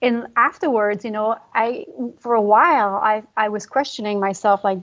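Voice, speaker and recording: A woman guest on a podcast, a fitness coach, telling a personal story in a fast, emotional way with many fillers. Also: medium pitch, fairly even intonation, a bit bright, dull audio. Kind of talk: conversational podcast interview.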